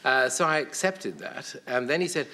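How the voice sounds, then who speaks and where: A man, a guest on a television chat show, telling anecdotes in a wry, hesitant way with many pauses and fillers. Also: mid-range voice, sharp tone, slight background noise. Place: television studio.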